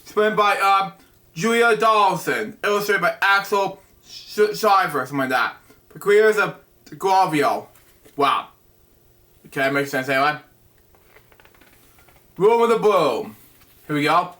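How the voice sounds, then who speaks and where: A man hosting a bedtime story show, reading a picture book aloud in a halting way, stumbling over words and breaking off with asides. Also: sits high, sharp tone. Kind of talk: casual read-aloud with asides.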